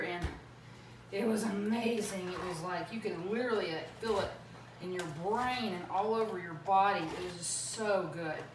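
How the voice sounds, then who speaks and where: A woman talks through a recipe in her home kitchen, chatty and rambling, full of fillers and side remarks. Her voice sits at a middle pitch. The room is echoey, she stands away from the mic, and background noise runs loud. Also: recorded from a distance. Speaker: home cook demonstrating a recipe. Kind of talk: casual cooking demo. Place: home kitchen with running water.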